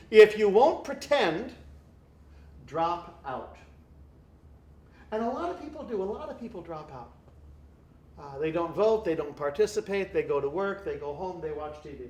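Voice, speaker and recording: A man's voice: high voice, animated, unhurried, long pauses, a little mellow. A man, a priest giving an evening talk to a live audience, speaking in a wry, joking way with mock dialogue. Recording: echoey room.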